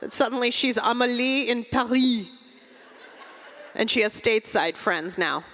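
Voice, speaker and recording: A woman from Russia performing a stand-up comedy set, with a dry, deadpan, self-mocking delivery. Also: on the high side, measured pace, long reverb tail.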